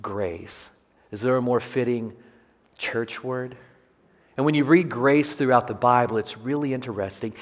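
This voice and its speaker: Male pastor, mid-pitched, animated and self-deprecating as he tells a sermon story in a reverberant church hall. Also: measured pace. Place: church sanctuary.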